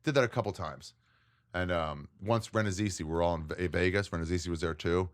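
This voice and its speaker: Low-voiced man telling animated stories. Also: fast. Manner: animated storyteller, acts out quotes, laughs often. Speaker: comedian guest. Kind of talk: casual storytelling chat. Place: tent.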